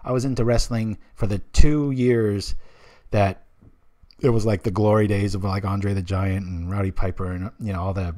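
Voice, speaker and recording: Low-voiced chatty streamer man. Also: fairly even intonation, moderate pace, warm tone. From United States. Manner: chatty, rambling asides, talks to viewers in chat. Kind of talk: live card game commentary.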